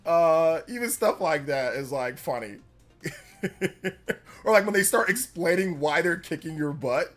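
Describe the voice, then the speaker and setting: A young man chatting casually on a live stream, animated, laughing often and breaking into high character voices. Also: measured pace, faint music behind.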